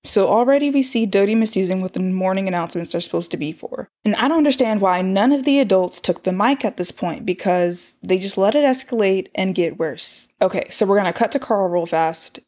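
A woman's voice: mid-range voice, a little fast, hardly any pauses, a little mellow. A woman chattily recapping a cartoon episode, with exasperated asides. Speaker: show recapper. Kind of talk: casual recap and commentary.

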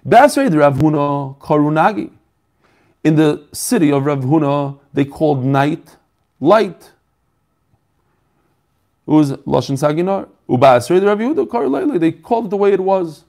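Talmud teacher, male, slightly high voice, conversational, talks himself through questions and repeats phrases. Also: animated, moderate pace, a little mellow. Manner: mixes Yiddish-flavored terms into English. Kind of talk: daf shiur, teaching aloud.

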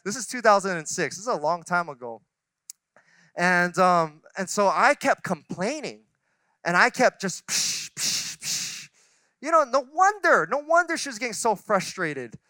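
Male pastor, forties, candid storyteller with restarts; bright, crisp tone. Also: high-pitched, big pitch swings, moderate pace, no echo. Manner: conversational, self-deprecating storytelling with many restarts. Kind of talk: sermon. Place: church sanctuary.

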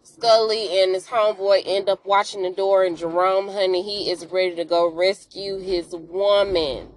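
A woman hosting a podcast, telling an episode recap in a casual, animated way and calling out to listeners, with emotional exclamations. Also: medium pitch, moderate pace, a little hiss or hum, poor audio. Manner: animated storytelling, addresses listeners with "y'all".

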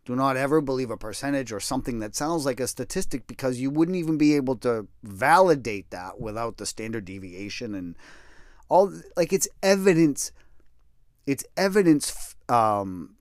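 A middle-aged man tells a story from his own life in plain, salty words and pokes fun at himself. His voice sits at an ordinary pitch and jumps between loud outbursts and quiet mutters. The recording is dry and close, with no room sound. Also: expressive, normal speed, no room sound. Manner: profane, blunt and self-deprecating; swings between loud bursts and low mutters. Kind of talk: casual personal storytelling.

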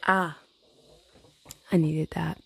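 A woman's voice: low-pitched, little pitch movement, very slow, creaky, husky, no echo. A tired woman venting in a casual chat, blunt and profane, rambling with frequent laughs. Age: adult with a teenage niece. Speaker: vlogger.

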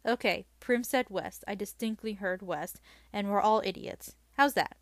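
A woman voices a relaxed teenage boy poking fun in a friendly way. The delivery is light and mid-pitched, recorded close and dry. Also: unhurried, dry recording, natural voice. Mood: teasing. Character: easygoing teenage boy, teasing. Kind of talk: read-aloud audiobook dialogue.

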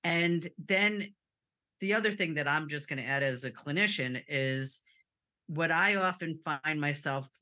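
A woman clinician explaining in a candid, personal way, in a casual talk. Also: sits low. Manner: candid, personal, animated with laughs. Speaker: clinician and co-host.

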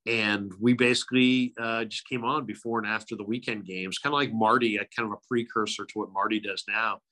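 A middle-aged man, a sports radio broadcaster, telling lively stories as an interview guest. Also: fairly low pitch, a little fast. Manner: animated anecdotes, frequent impressions. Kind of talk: casual interview storytelling.

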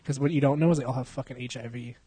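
A man's voice: mid-range voice, fairly even intonation, racing, mellow, slightly rough, dry recording. A young man hosting a podcast in casual chat, swearing and laughing often as he jokes around. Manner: crude, joking, laughs often, swears a lot. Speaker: podcast host.

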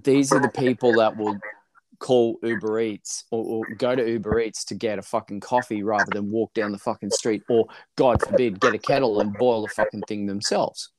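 A man's voice: lowish voice, steady tone, normal speed, dry recording, poor audio. A man co-hosting a podcast in casual chat, laid-back and swearing freely. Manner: laid-back, swearing, says dude a lot. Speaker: podcast co-host.

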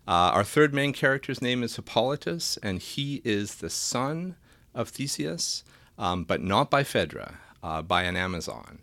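A man's voice: mid-range voice, sing-song, measured pace, fairly bright tone, no room sound. A man co-hosting a podcast, giving a thoughtful, hesitant summary with many fillers and restarts. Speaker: podcast co-host. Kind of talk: casual academic discussion.

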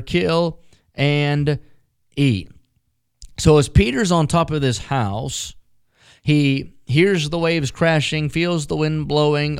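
A man's voice: mid-range voice, clear, resonant tone, no echo, studio quality. A man preaching a radio sermon as pastor, folksy and emphatic, mixing jokes into the message.

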